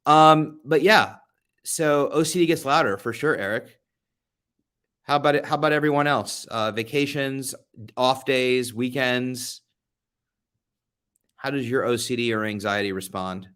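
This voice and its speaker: Speaking a little slowly with frequent pauses, this young American man has a mid-range voice that's smooth and a bit bright. He's a livestream host and advocate running a casual chat from a beach rental on a getaway, chatty and self-deprecating as he greets viewers by name and jokes about himself.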